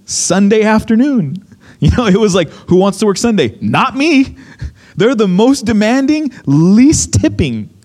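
A man's voice: high voice, moderate pace. A young man preaching a sermon, telling a story with lots of acted-out quotes. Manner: animated storytelling, acts out quotes. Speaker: pastor.

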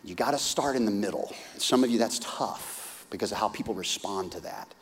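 A man preaching a sermon, retelling a story with lively, humorous asides and acted-out voices. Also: moderate pace, a little hiss or hum. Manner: animated storytelling, acting out characters with big pitch swings. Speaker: pastor. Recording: hall reverb.

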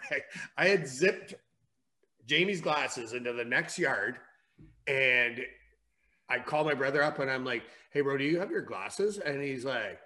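A man's voice: fairly high pitch, expressive, a little slow, pushed and bright. A man casually telling a family story on a podcast, swearing and laughing as he goes.

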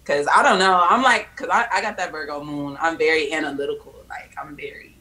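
A woman's voice: deep voice, a little fast, a crowd in the background, low-quality recording. A woman chatting on a casual podcast, explaining her views in a chatty, opinionated way. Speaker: podcast guest. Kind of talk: casual chat.

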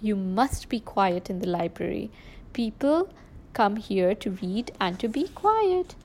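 A woman's voice: medium pitch, big pitch swings, unhurried, a little mellow. A woman doing a bumbling daddy pig. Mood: sheepish. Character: bumbling, sheepish father pig.

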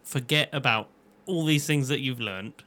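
A man's voice: medium pitch, normal speed, pushed and bright. A man chatting casually as a podcast co-host, sarcastic and swearing often. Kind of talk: casual chat.

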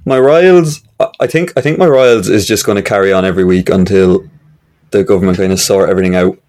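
A man's voice: deep voice, fast talker, a little mellow. A young man co-hosting a podcast with his father, dry and wry, swearing casually. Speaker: podcast co-host, son. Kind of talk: casual chat.

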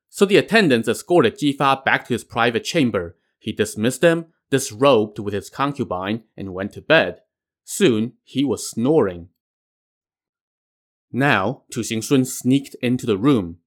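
A man's voice: mid-range voice, animated, a little slow. A man narrating a classic tale with wry, conversational asides. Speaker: storyteller. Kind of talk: storytelling narration.

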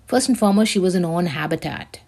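Female host, casual solo commentary, rambling and blunt, lowish gravelly voice. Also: expressive, fast, a little mellow. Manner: rambling, emphatic, swears often. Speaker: show host.

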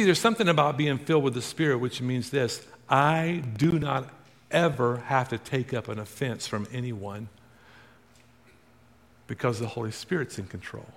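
A male pastor preaching a sermon to a congregation, drawing responses and swinging from loud emphasis to hushed. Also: mid-range voice, in a large hall.

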